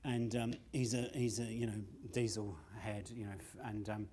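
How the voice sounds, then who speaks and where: A stand-up comedian telling a long rambling story at a live show, swearing freely and often laughing at himself. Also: male voice, on the low side, fairly even intonation, normal speed, dark tone, breathy edge.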